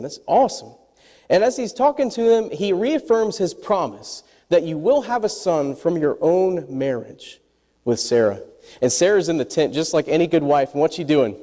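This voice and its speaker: A man preaching a sermon to a congregation, animated and quizzing his listeners as he goes. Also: a little high, in a large hall. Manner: animated, asks the congregation questions. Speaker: pastor.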